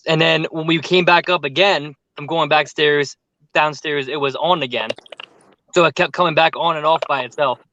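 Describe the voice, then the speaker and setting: A man telling a story with lots of fillers in casual chat on a group call, animated and talkative. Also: a little high, normal speed, dull audio. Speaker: paranormal youtuber telling a story.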